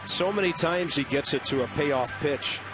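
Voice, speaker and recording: A man calling baseball play-by-play from a ballpark booth, brisk and conversational with wry asides. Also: a little high, music in the background. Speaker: play-by-play announcer. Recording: noisy broadcast audio.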